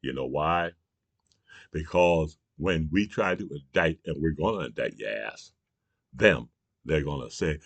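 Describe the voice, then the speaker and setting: A very deep-voiced man holds forth in a furious political rant, cursing without restraint and firing questions at his audience. The sound is dry and close, with no room behind it. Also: lively intonation, a little slow, pauses often, no echo. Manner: heated and profane, repeatedly asking "you understand?". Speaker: political commentator.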